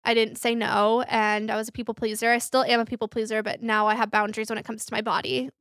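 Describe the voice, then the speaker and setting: Speaking quickly in a fairly high, fairly bright voice with little pitch movement, a young podcast co-host shares candid stories over casual conversation. She uses lots of fillers and performs other people's lines. There's no room sound, just a clean studio recording.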